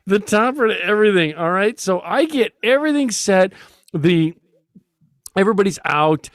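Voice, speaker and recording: A man's voice: high voice, lively intonation, normal speed, dry recording, clean studio sound. A man hosting a talk show, telling a long story with frequent laughs and restarts. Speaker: podcast host. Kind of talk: casual storytelling chat.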